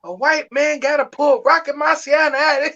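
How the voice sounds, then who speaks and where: A man's voice: extremely high pitch, fairly even intonation, moderate pace, sharp tone, muffled recording, heavily acted. A man doing a lecturing barbershop know-it-all. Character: opinionated older barbershop man arguing boxing.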